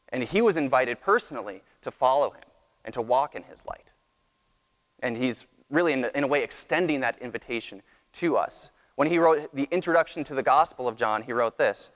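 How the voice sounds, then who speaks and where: A pastor gives a Sunday sermon in a measured, earnest teaching voice that's mid-range and fairly bright. He often restarts a phrase before pressing on, and the church sanctuary adds a long reverb.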